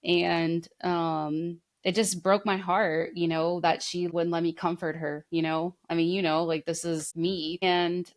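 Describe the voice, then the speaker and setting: Low-voiced woman telling heartfelt stories. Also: flat delivery, measured pace, hardly any pauses. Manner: rambling, heartfelt storytelling with many fillers. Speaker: podcast co-host. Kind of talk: casual chat.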